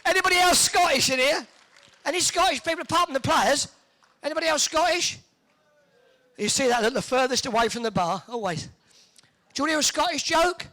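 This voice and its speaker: A tournament MC, joking and teasing the audience during crowd warm-up banter in an indoor arena. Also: sits high, lively intonation, brisk.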